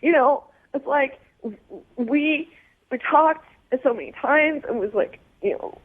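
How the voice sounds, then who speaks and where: A woman on the phone to a radio show, crying as she talks in halting, broken sentences. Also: high voice, no room sound. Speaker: caller. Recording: tinny phone line.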